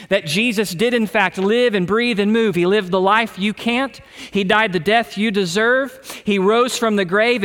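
A man's voice: high voice, fairly bright tone, big-room sound. A man pastor preaching a sermon in a church, earnest and emphatic, repeating phrases for weight. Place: church sanctuary.

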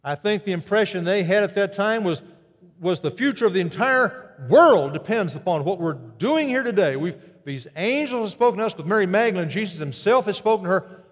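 A man preaching a sermon, animated and storytelling, who jumps his pitch up high to act out quoted greetings. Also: fairly quick, in a large hall. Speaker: pastor.

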